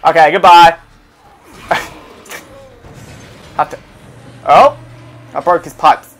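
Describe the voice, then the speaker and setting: A young man giving casual let's play commentary, excitable and jokey, talking to himself and swearing now and then. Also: fairly high pitch, slow pace, soft background music. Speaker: gameplay commentator.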